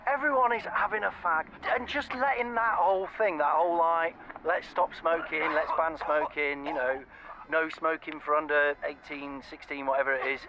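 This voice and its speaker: A man's voice: fairly high pitch, fairly even intonation, normal speed, lo-fi sound, background noise, close to an everyday voice. An actor playing a cheery, rambling male street reporter in a comedy radio sketch, chatty and oblivious. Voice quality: chatty and rambling, calls people baby.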